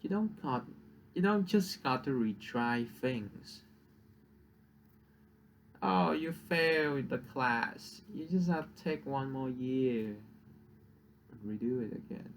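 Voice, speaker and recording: A man's voice: medium pitch, lively intonation, takes it slowly, long pauses, slight background noise. A young man whose first language is Vietnamese, venting in a casual, profane rant and laughing at his own jokes. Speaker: vlogger.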